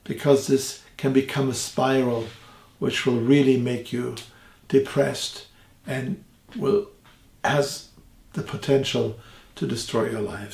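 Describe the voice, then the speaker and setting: A middle-aged German man with a German accent, giving an earnest podcast teaching talk slowly and deliberately. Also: medium pitch, creaky, darkish tone, roomy sound. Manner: earnest, slow and deliberate with many fillers. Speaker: theologian and evangelist.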